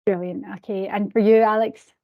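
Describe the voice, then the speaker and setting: A woman's voice: medium pitch, little pitch movement, moderate pace, warm tone. A woman hosting a virtual career panel, encouraging her guests and putting questions to them by name. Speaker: host.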